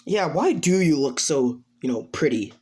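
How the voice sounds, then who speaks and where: A woman voicing a brash teen boy who mocks and teases loudly. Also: low-pitched, big pitch swings, moderate pace. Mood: teasing.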